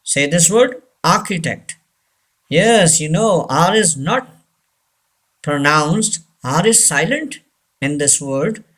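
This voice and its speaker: Slow, deliberate male pronunciation teacher. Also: a little high, lively intonation, a bit bright. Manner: repeats each word deliberately, corrective. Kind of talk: slow instructional drilling.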